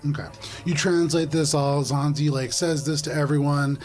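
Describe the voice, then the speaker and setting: A man running a tabletop game as game master, narrating in a loose, relaxed way with many fillers. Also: fairly high pitch, normal speed. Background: music.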